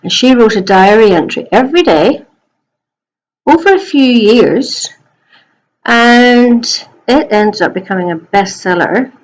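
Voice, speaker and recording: A middle-aged woman teacher at home, chatting gently in a recorded message to young pupils. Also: mid-range voice, rough recording. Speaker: primary school teacher.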